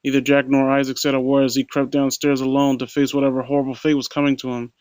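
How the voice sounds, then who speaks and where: A man's voice: medium pitch, monotone, fast, darkish tone, dry recording. A man reading a horror story aloud at a close home mic, stumbling and restarting, with sarcastic critical asides. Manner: stumbling, frequent restarts and mockery. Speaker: narrator and critic.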